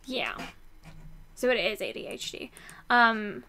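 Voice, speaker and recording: A young woman chatting casually about books she read, rambling with fillers and quick restarts. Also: on the high side, sing-song, vocal fry, sharp tone, slight background noise. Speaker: book vlogger. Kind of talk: casual book review chat.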